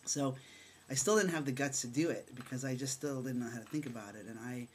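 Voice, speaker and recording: Frank, animated middle-aged man storytelling. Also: medium pitch, slight background noise. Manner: frank and animated, acts out remembered dialogue; halting, with many fillers and restarts. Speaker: storyteller sharing his own experience. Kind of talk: candid personal storytelling.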